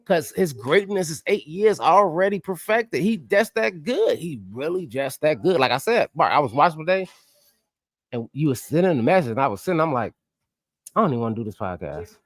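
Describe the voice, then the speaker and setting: A man hosting a casual sports podcast, animated and emphatic as he talks. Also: on the high side, moderate pace, dry recording. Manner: animated and emphatic, slips into impressions. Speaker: podcast host.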